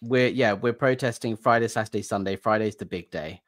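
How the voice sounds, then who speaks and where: A man's voice: on the low side, brisk, no echo, studio quality. A man, a guest on a video chat, speaking in an earnest, firm, explanatory way. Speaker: guest, ex-member activist. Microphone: video call.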